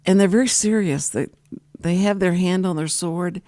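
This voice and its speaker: A woman's voice: lowish voice, moderate pace, mellow, no echo, studio quality. An older woman hosting a radio talk show, chatting casually and laughing often. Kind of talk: casual chat. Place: radio studio.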